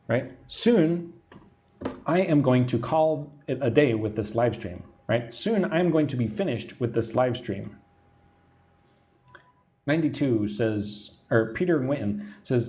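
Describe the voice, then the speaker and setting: A man's voice: mid-range voice, expressive, unhurried, warm tone. A man from Texas with an American accent, teaching English idioms on a live stream and answering viewer comments. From Texas, USA. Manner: patient explaining, reads viewer comments aloud, tag "right?" often.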